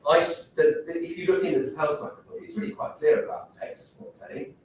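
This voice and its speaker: A man's voice: a little high, level tone, brisk, slight background noise. Guy lecturing, rambly, asks the class stuff, far off mic, big echo. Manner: rambling, self-interrupting, asks rhetorical questions. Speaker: university lecturer. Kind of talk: lecture with questions to students. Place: lecture room. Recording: echoey lecture hall from far off, dull sound.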